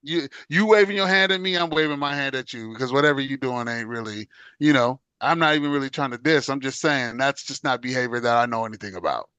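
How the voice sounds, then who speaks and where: A man's voice: mid-range voice, fast, pushed and bright, clear, resonant tone, no echo, dull audio. A middle-aged man co-hosting a podcast, talking in a loose, conversational way and often asking "you know what I'm saying". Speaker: podcast co-host. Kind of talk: casual chat.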